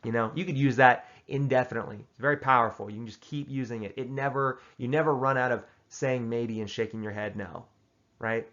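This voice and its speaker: Deadpan man giving mock advice. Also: mid-range voice, brisk, highs cut off. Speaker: host giving tongue-in-cheek advice. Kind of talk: casual comedic advice monologue.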